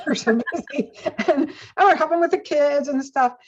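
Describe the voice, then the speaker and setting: An older woman speaking as an interview guest in an animated way, laughing often, heard on a dull lo-fi recording. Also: high voice, measured pace, a little hiss or hum. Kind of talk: conversational interview.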